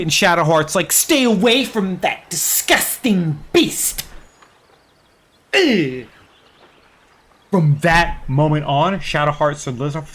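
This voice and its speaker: A young man telling game stories in a casual, excited and profane way as a streamer. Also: sits high. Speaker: gaming streamer. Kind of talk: casual chat.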